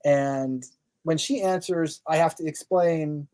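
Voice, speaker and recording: An American man, a guest on a podcast, telling an anecdote in a casual, animated way with lots of fillers and restarts. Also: a little high, slow pace. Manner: animated anecdote-telling, acts out others' lines; loose, filler-heavy talk with restarts. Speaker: guest, magazine editor.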